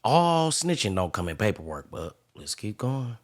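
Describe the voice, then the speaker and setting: A man's voice: on the low side, big pitch swings, normal speed, background noise. A man hosting a podcast, moderating the talk with dry, blunt interjections. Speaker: podcast host.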